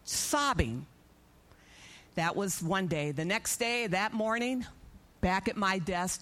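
A middle-aged woman giving an animated testimony in a church service, acting out her own prayers and conversations. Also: medium pitch, slow, pauses often.

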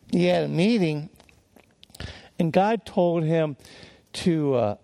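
Older male preacher, slow gravelly delivery, folksy storyteller, stumbles and restarts. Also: fairly high pitch, warm tone. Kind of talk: sermon-style teaching.

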